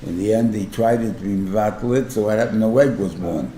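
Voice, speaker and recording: A New rabbi giving an informal class, talking conversationally, often checking in with "right?" and using everyday examples. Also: male voice, on the low side, a little fast, warm tone, roomy sound, a little hiss or hum. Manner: explains through everyday examples. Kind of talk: informal Torah class lecture.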